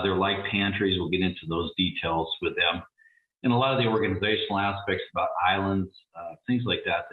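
A man hosting a radio talk show, chatty and upbeat with lots of fillers. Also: sits low. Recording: distant, echoey, phone-like sound.

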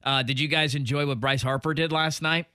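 Bright-voiced chatty male sports host. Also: on the high side, steady tone, a little fast, clear, resonant tone, no echo, clean studio sound. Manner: chatty, laughs often, reels off stats. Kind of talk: casual sports radio chat.

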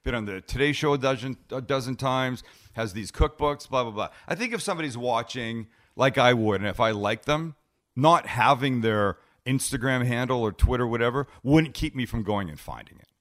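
A man's voice: medium pitch, moderate pace. A middle-aged man, a TV cooking host, telling stories casually in a podcast interview at home and acting out conversations. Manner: animated storyteller, acts out dialogue. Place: home living room.

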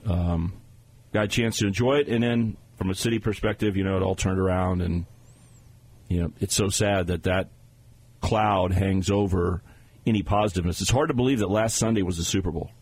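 A man with a husky, slightly low voice co-hosts a sports talk show. He breaks down plays and contracts in a steady, analytical way. The feel stays casual and conversational. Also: a little fast, low-quality recording. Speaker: sports radio co-host.

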